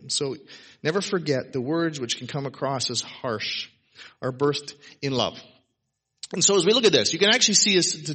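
A man's voice: a little high, a bit bright, breathy edge. A man preaching to his congregation in a casual, emphatic sermon, tossing in "right?" asides. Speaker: pastor. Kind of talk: conversational sermon. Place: church service before a congregation.

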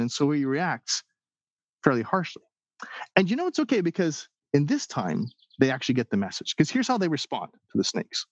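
A man preaching a sermon in an animated way, acting out the people's and God's words as he goes. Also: medium pitch, brisk, dry recording, dull audio. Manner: animated preaching, acts out quoted voices. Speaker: pastor.

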